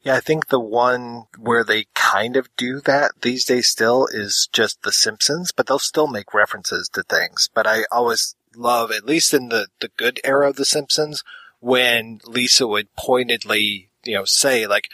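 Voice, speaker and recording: A male co-host in easy podcast conversation, with a mid-pitched voice that has a bright, forward edge. He chats loosely about small moments he liked. The recording is dry and close. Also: unhurried, dry recording, low-quality recording. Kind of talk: casual podcast discussion.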